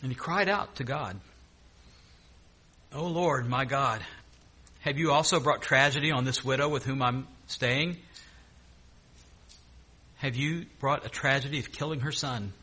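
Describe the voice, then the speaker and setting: A man preaching a sermon, retelling scripture with lively, joking asides between the verses he reads. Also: mid-range voice, measured pace, pauses often, breathy edge.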